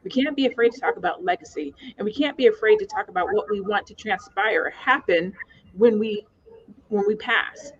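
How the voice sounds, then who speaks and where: A woman's voice: mid-range voice, normal speed, muffled recording. A woman hosting a panel discussion, speaking earnestly and emphatically, with repeated calls to action. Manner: earnest, emphatic, repetitive exhortations. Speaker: podcast host.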